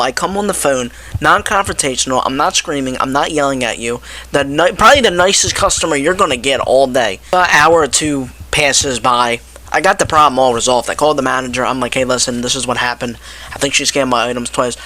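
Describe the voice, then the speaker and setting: A young man with a bright, forceful voice rants casually to his audience. He talks in an animated, exasperated way and acts out what each person said. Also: fairly high pitch, moderate pace. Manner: animated, exasperated, quotes people in his telling. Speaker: vlogger. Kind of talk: casual ranting story to camera.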